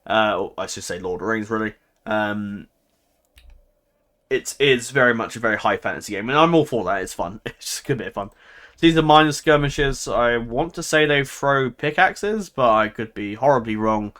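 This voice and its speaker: A man talks through a strategy game in a loose, chatty way. He laughs often and keeps second-guessing his own calls. His voice sits at an ordinary middle pitch. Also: expressive, moderate pace, fairly bright tone. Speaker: gameplay commentator. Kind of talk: casual game commentary.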